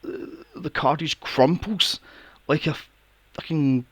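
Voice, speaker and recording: A man hosting a podcast, recapping a film plot in a casual, animated way, swearing often and acting out his own reactions. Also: fairly high pitch, takes it slowly, husky, dry recording. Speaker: podcast host.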